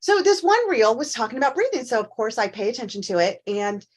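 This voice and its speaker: A woman co-hosting a casual talk show, telling personal stories in an animated, candid way. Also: a little high, fairly quick. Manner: animated storyteller, acts out quoted voices. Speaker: co-host. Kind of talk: casual chat.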